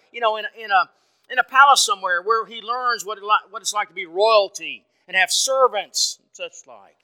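A man preaching an evening sermon in a folksy, conversational way, asking the congregation questions and swinging from loud to soft. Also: sits high, smooth. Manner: dynamic, swings from loud to quiet.

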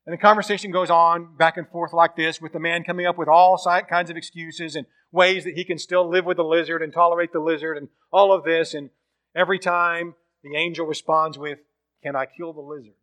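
Bright-voiced man preaching a sermon. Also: fairly high pitch, little pitch movement, fairly quick. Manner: storytelling, acts out quoted dialogue.

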